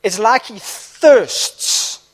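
A young man preaching a sermon at a church service, impassioned, dropping quiet and then rising to shouts. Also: sits high, lively intonation, extremely slow, breathy edge. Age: young adult.

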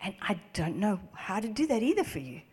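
A woman preaching a sermon, reading scripture aloud and commenting on it in an animated way, laughing often and repeating phrases for emphasis. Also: medium pitch, a little fast, breathy edge, long reverb tail.

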